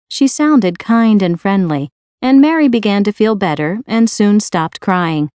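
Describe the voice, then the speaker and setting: A woman narrating a storybook in a clear, even, careful reading voice. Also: mid-range voice, unhurried, no echo. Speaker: audiobook reader.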